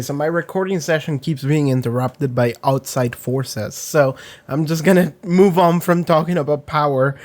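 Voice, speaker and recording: At his home setup, a man with a medium-pitched voice reacts to anime casually, rambling excitedly with plenty of fillers and swearing.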